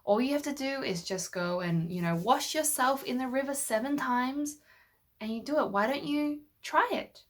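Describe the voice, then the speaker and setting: A woman voicing a gentle servant who coaxes his master, in a whispered role-play from a children's Bible story. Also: sits high, normal speed, voice pushed up, close to an everyday voice. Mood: coaxing. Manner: whispered, coaxing. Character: gentle, pleading male servant.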